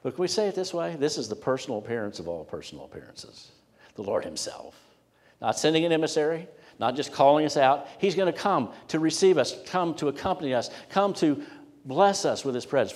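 A man's voice: mid-range voice, big pitch swings, moderate pace, a little mellow. A man preaching from the pulpit with a mid-range voice. He builds emphasis on key phrases, then drops almost to a whisper for reflective asides. His voice rings out with a long reverb through a large church sanctuary. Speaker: pastor. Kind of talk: sermon.

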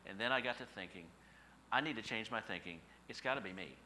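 Middle-aged guy preaching, bright clear voice, chatty stories n questions to the crowd, faint hiss behind. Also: lowish voice, fast talker. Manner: folksy storytelling with rhetorical questions. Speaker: pastor. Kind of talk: sermon.

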